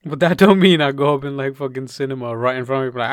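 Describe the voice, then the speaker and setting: A young man trading crude jokes in casual podcast chat. His voice is smooth and clear, recorded close and dry with no room sound. He swears freely and laughs often. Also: medium pitch, quick pace, no echo. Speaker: podcast co-host.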